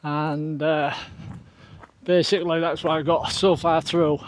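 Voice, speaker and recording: A man's voice: on the high side, level tone, a little slow, a little hiss or hum. A middle-aged man, chatting casually to an action camera outdoors and laughing often at himself. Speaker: trail running vlogger. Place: outdoors on a trail.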